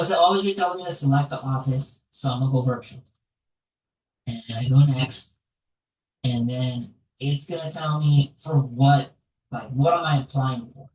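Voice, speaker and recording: A vlogger talking casually while walking through a website on screen, rambling and tossing in "like" and "right?" a lot. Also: medium pitch. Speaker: real estate investor vlogger. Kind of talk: casual screen walkthrough vlog. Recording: echoey room, voice far from mic.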